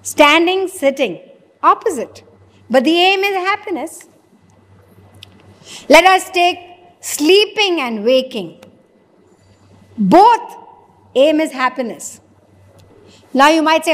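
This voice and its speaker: A woman's voice: sits high, animated, takes it slowly, pauses often. A woman with an Indian English accent giving a spiritual discourse, asking her listeners questions and acting out both sides of small dialogues. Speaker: spiritual teacher. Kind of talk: religious discourse. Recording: long hall reverb.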